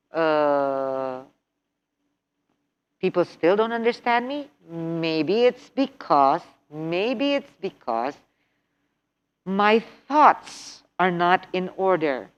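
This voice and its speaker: A woman instructor giving a workshop lecture on English test preparation, animated, repeating key points with rhetorical questions. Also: lowish voice, muffled recording. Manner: acts out example phrases with exaggerated intonation.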